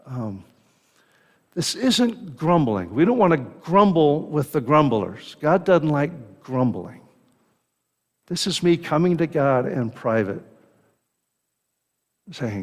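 A man preaching a sermon as pastor, earnest and unhurried, often restarting his phrases. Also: on the high side, sing-song, breathy edge, in a large hall.

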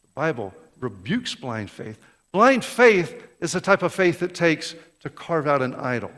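A very animated male pastor with a highish, fairly bright voice preaches with passion but without hurrying, leaning on rhetorical questions and repeated words. The church sanctuary setting lends a long, large-hall reverb.

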